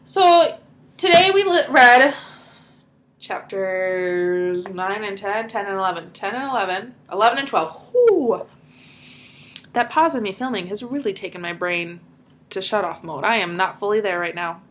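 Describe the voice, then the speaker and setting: A woman's voice: mid-range voice, expressive, unhurried, a bit bright, a little hiss or hum. A woman teacher reading a children's novel aloud and recapping it casually for her students. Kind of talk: read-aloud lesson with recap.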